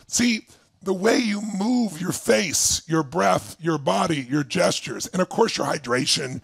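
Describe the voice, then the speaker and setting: A man leading an online seminar as a motivational speaker, energetic and emphatic, firing questions at his audience. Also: sits high, moderate pace, no echo. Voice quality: gravelly, husky. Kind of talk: live online seminar coaching. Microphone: speaking to camera for remote viewers.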